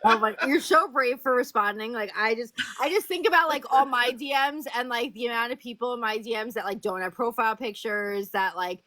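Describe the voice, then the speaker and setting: A woman's voice: fairly high pitch, brisk, hardly any pauses, sharp tone, no room sound. A woman guest on a casual live-stream chat, earnest and filler-heavy.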